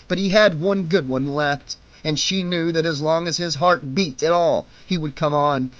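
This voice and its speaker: A man narrating a horror audiobook in a measured, suspenseful way, slowing down for the tense moments. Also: a little high, fairly bright tone, rough recording.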